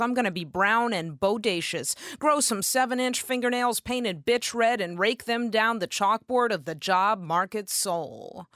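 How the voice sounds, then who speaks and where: A woman performing spoken word poetry with a deadpan, sardonic, rhythmic delivery. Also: medium pitch, dry recording, clean studio sound.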